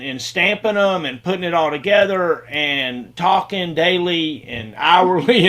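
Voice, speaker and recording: High-voiced man hosting a video call. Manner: rambling, repeats words, warm thanks. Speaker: host of a video-call hangout. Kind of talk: casual video-call chat.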